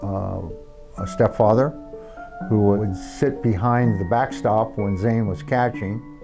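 A man in a documentary interview, recalling scenes from youth baseball hesitantly, over soft guitar music. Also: on the low side, gravelly. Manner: hesitant, many fillers.

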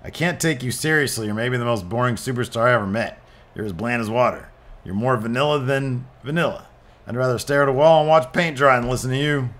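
A man voicing a brash male wrestler who taunts and shouts through a promo, reading it out over gameplay. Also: medium pitch, fairly quick, close to an everyday voice. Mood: mocking. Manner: cocky, taunting, shouting at the crowd.

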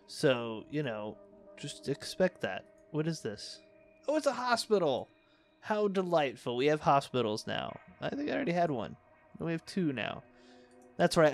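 Young adult man, game commentary, sarcastic asides, slightly higher voice. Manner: wry, sarcastic running commentary. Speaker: let's play host.

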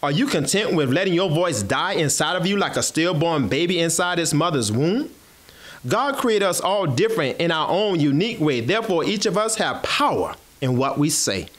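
A man from South Carolina, chatting casually to his audience and then performing a spoken word poem. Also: fairly high pitch. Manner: animated, chatty, addresses audience as y'all. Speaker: host.

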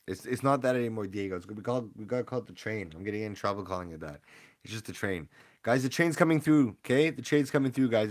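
Excitable young man live-streaming. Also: lowish voice. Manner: excitable, rambling, hypes up the audience. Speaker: streamer opening trading card packs. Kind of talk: casual live-stream chat with viewer shout-outs.

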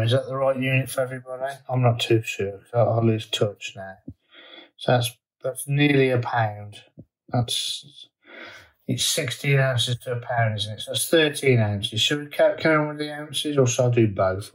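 In a rough recording, an allotment vlogger with a mid-range voice talks casually to camera from his garden. He thinks aloud as he goes, with plenty of fillers and restarts.

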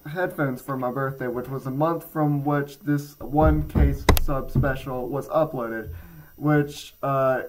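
A man's voice: medium pitch, fairly even intonation, slow pace, background noise. A teenage boy rambling casually through a headphone review for his channel, with many fillers and self-mocking jokes. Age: teens. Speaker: gaming channel creator. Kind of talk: casual product review vlog.

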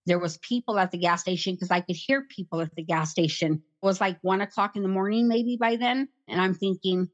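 A middle-aged woman recounting a personal ordeal in an interview, talking plainly and haltingly and repeating herself. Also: fairly low pitch. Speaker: interview guest, survivor. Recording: slightly muffled recording.

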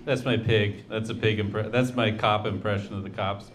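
A man doing a stand-up set with a halting, rambling delivery, trailing off and restarting his jokes. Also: fairly low pitch, steady tone, slight background noise. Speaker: stand-up comedian.

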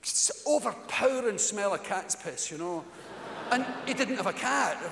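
Scottish man, Glaswegian accent, animated profane stand-up storyteller, high pitch, live theatre reverb. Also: moderate pace, creaky, noisy background. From Scotland. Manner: profane, animated, puts on voices of friends. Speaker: stand-up comedian. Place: large theatre on stage. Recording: echoey live theatre recording. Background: audience laughter.

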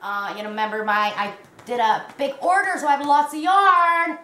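A woman's voice: sits high, steady tone, normal speed, bright, forceful tone, echoey room. A Canadian woman chatting casually to camera at home, rambling and calling her viewers guys. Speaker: crochet vlogger. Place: at home in a warm room.

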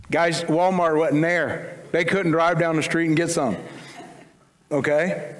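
In a church sanctuary, a pastor with a fairly high voice gives an unhurried sermon to his congregation. His tone is casual and conversational, with humorous asides, and the hall adds long reverb.

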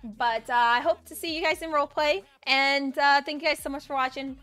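A woman streamer chatting casually and excitably on a live stream, swearing now and then. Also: sits high, a little fast. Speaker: livestreamer.

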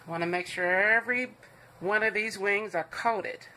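A woman's voice: medium pitch, normal speed, sharp tone. A woman hosting a home cooking show, walking viewers through a recipe in a chatty, reassuring way and calling them "guys".

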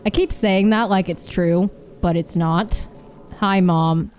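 A woman's voice: high voice, slow pace, over loud music. A woman in her twenties giving let's-play commentary on a horror game, swearing, laughing and snapping at the game. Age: 20s. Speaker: gaming streamer.

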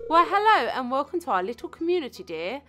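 A woman voicing a kindly old village grandmother in a game, soft and sweet. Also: high-pitched, sing-song, fast talker, heavily acted.

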